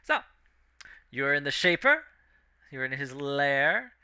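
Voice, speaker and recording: A man running a tabletop game, steadily describing scenes with the odd "um" along the way. His voice is very bright and crisp, and it cuts clean through the narration. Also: a little high, very animated, takes it slowly. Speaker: game master.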